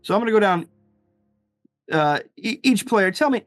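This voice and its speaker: A man's voice: high voice, lively intonation, moderate pace, a bit bright, no echo. A man narrating as game master of a tabletop game, rambling with fillers and frequent laughs.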